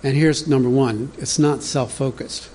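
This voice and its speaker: Male pastor, mid-pitched and warm, easygoing conversational sermon delivery. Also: fairly even intonation, unhurried, slight background noise. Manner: conversational, teaching from an outline, talks directly to the congregation.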